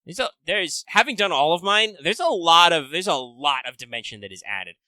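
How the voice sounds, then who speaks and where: A man co-hosting a casual gaming podcast, animated and swearing freely, acting out character lines. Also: a little high, moderate pace, no room sound. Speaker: podcast co-host.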